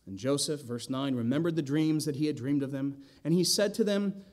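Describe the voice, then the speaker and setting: A pastor preaching an expository sermon in a church, talking conversationally with the congregation. He tosses out rhetorical questions and wry asides in a slightly higher male voice. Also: a little fast, a little mellow. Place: church sanctuary.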